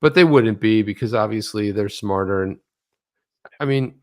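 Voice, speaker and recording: A man co-hosting a casual livestream chat, animated, telling stories and reading tweets aloud. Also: on the low side, moderate pace. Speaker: co-host of a crypto news livestream.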